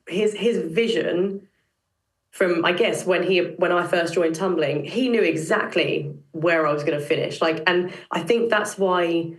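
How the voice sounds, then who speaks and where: A young British woman talks casually as an interview guest, her voice sitting a little low. She circles her thoughts with lots of "like" and "you know" and false starts. The recording carries a noticeable roomy echo. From Britain. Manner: chatty, many fillers and restarts. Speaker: podcast guest, tumbler.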